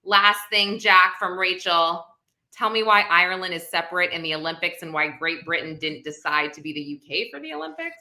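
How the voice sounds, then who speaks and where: A woman's voice: fairly low pitch, lively intonation, brisk, sharp tone. A woman hosting a live stream, talking in a chatty, rambling way with many fillers. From United States. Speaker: host. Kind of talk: casual live-stream chat. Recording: echoey room.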